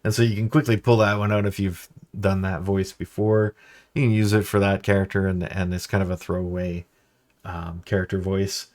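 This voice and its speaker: A man's voice: low-pitched, level tone, moderate pace, a little mellow. A man chatting casually as a game master host, easygoing and meandering. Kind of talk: casual instructional chat.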